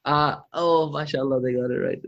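Male grammar teacher, slightly high voice, patient and encouraging, muffled lo-fi sound. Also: fairly even intonation, moderate pace, a bit bright. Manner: patient, encouraging, drills terms aloud. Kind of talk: live online lesson. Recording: muffled lo-fi audio.

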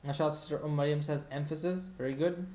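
A patient teacher giving an online grammar lesson, often pausing to ask "hmm?" and repeating key phrases. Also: medium pitch, fairly even intonation, darkish tone. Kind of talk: online Arabic grammar lesson, reading student comments. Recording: roomy echo.

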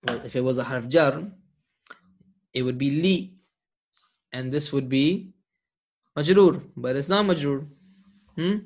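A man's voice: mid-range voice, unhurried, pauses often. A man teaching an Arabic grammar lesson, patiently quizzing his students and checking in with frequent questions.

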